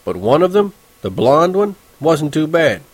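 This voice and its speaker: A man's voice: a little high, big pitch swings, unhurried, breathy edge, no echo, rough recording. A man reading a first-person story aloud in a casual, wry, conversational way. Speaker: audiobook narrator. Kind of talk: first-person audiobook narration.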